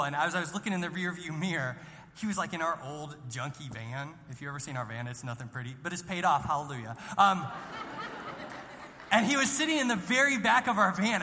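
Bright-voiced pastor, story-driven sermon in a hall. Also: male voice, high voice. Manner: conversational storytelling with self-deprecating jokes. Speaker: student pastor. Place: church sanctuary. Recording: long reverb of a large hall.

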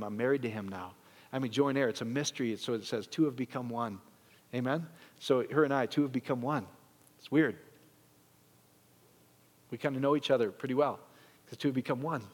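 A man preaching a sermon, animated and joking with his congregation. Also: medium pitch. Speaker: pastor. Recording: long reverb of a church hall.

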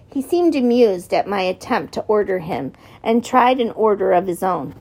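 A woman narrating a novel in the first person, in measured storytelling. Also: mid-range voice, expressive, darkish tone. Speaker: audiobook narrator.

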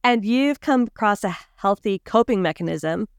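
A woman's voice: mid-range voice, lively intonation, moderate pace, clear, resonant tone, no echo, studio quality. A woman guest on a podcast, speaking confidently and emphatically, giving advice. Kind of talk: casual podcast conversation.

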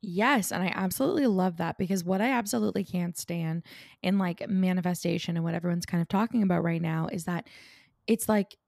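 A woman's voice: lowish voice, fairly quick, gravelly, a little mellow, no room sound, clean studio sound. A woman from France hosting a podcast, chatting casually and emphatically with lots of fillers. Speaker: podcast host. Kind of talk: casual interview chat.

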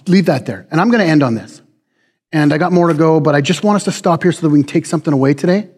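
A man preaches in a relaxed, folksy way and pokes fun at himself. His voice sits high. The sound rings with long reverb from a large hall. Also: quick pace. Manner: conversational preaching, folksy, self-deprecating. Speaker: pastor. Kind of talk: sermon.

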